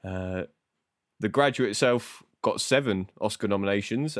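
A man's voice: lowish voice, a little slow, no room sound, clean studio sound. A young man hosting a casual film podcast in a loose, sweary, self-deprecating way. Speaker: podcast host.

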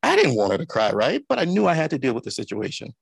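Host, male, gravelly husky voice, storyteller who acts out quotes, dry close sound. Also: medium pitch, wildly swooping pitch, quick pace, no echo. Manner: anecdotal, acts out quoted people. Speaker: interview host. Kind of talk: conversational interview with storytelling.

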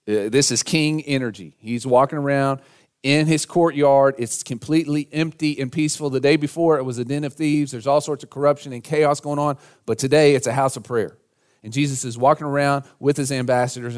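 A male pastor delivers a sermon into a church microphone. His voice sits at a middle pitch, and he rises to loud, emphatic lines when he quotes scripture.

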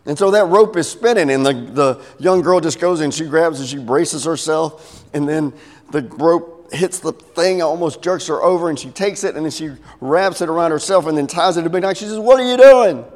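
A man's voice: fairly high pitch, normal speed. A middle-aged man preaching a sermon, telling a story and acting out its voices with big swings. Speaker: pastor. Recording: long hall reverb.

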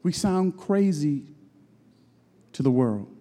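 A pastor preaching a sermon, swinging from loud shouted lines to low murmurs and drawing out his phrases. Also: lively intonation, slow pace. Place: church sanctuary. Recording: long hall reverb.

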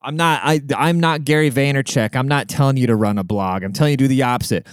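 A man's voice: medium pitch, fast talker, clear, resonant tone, dry recording, clean studio sound. A young man hosting a solo podcast, ranting in a brash, profane, swaggering way. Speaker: podcast host.

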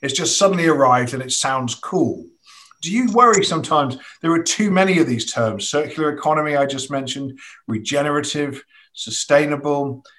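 A man's voice: on the high side, normal speed, fairly bright tone. A man interviewing a guest, asking long, thoughtful questions and telling anecdotes in a conversational way.

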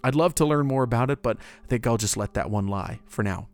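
A man's voice: medium pitch, a little fast, soft background music. A man narrating history in a casual, conversational way, with joking asides.

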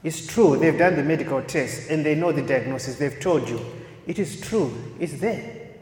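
Man, sermon, emphatic repetition, loud then soft, roomy hall, long reverb. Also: fairly high pitch, moderate pace. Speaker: preacher.

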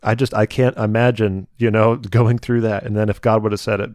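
A young man giving a conversational Bible teaching, retelling scripture stories in a lively, chatty way. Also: lowish voice, fairly quick, dry recording, clean studio sound. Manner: conversational, animated retelling with voiced asides. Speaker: preacher.

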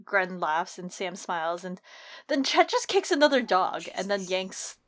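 A woman co-hosting a casual book podcast, giving animated, opinionated rants about the characters. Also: medium pitch, measured pace. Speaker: podcast co-host. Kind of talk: casual book-club chat.

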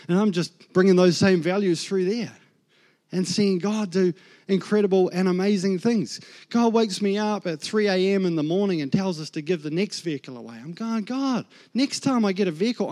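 A man's voice: high-pitched, a little mellow. A man in his thirties with a New Zealand accent, telling his own story in a sermon and acting out the voices in his head. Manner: storytelling, acts out his inner voices and God's words. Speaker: guest preacher. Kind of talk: sermon testimony.

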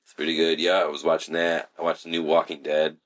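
A man's voice: extremely low pitch, completely flat delivery, fast talker, a bit bright. A young man in casual, rambling chat, swearing freely and laughing often.

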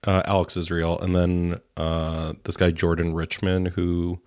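A man's voice: sits low, monotone, a little slow, a little mellow, dry recording, clean studio sound. A man co-hosting a casual chat, snarky and ranting, swearing freely. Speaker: podcast co-host.

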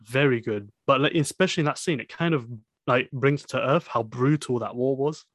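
A man's voice: mid-range voice, brisk, dry recording, clean studio sound. A man casually discussing a film with a friend, rambling with many fillers and restarts.

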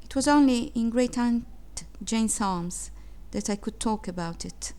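Woman narrator, measured and expressive, reading literary fiction. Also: fairly high pitch, clear, resonant tone. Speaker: reader.

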